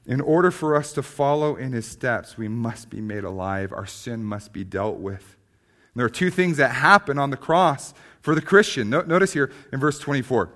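A man preaching a sermon, swinging from emphatic, rising passages to quiet, slow stresses, often restarting on repeated words. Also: on the high side, expressive. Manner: emphatic preaching, rising loud then dropping to hushed. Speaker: pastor.

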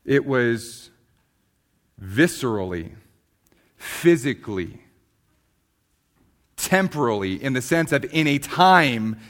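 A man preaching a sermon, swinging from emphatic, rising passages to quiet, slow stresses, often restarting on repeated words. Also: medium pitch, sing-song. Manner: emphatic preaching, rising loud then dropping to hushed. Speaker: pastor.

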